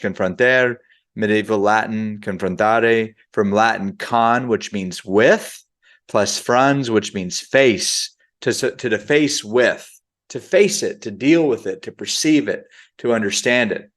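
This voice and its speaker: A man with a fairly low voice gives a motivational talk to his sales team. He speaks conversationally and stops to unpack the meaning of words, with his pace shifting often.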